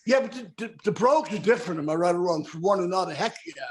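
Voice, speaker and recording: High-voiced chatty male host. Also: lively intonation, rapid-fire. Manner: chatty, rambling, checks in with asides. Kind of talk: casual talk-show chat.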